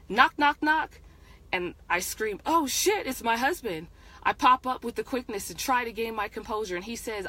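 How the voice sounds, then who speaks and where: A woman reads her own erotic story aloud at a middle pitch. She often stumbles and restarts mid-sentence, then carries on reading at an unhurried, even pace. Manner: hesitant, frequent restarts while reading. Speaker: author reading her book.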